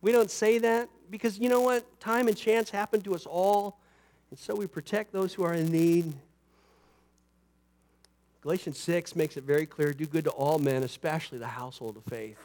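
A man with a fairly high voice delivers a sermon from the pulpit. He drops into easy asides, then lifts his voice and slows down to drive a point home. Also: steady tone, darkish tone. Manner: rises and falls for emphasis, slows on scripture; conversational asides with "you know" and "right". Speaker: pastor.

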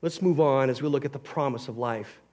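A pastor delivers a sermon with earnest emphasis, moving between loud stretches and quiet ones. His voice is medium in pitch and fairly quick.

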